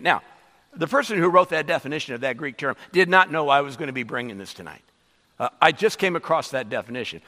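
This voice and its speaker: A man's voice: fairly high pitch, lively intonation, quick pace, bright, forceful tone, in a large hall. A middle-aged man preaching a sermon emphatically, with many hesitant fillers. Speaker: pastor. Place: church sanctuary.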